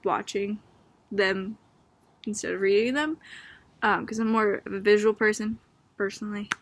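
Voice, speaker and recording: A woman's voice: mid-range voice, pushed and bright, dry recording. A young woman from Boston with a Boston accent, a student chatting casually about a book she read, full of "like" and "um" and often amused. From Boston, Massachusetts. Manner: chatty, filler-heavy with frequent "like" and "um"; amused, laughing as she talks.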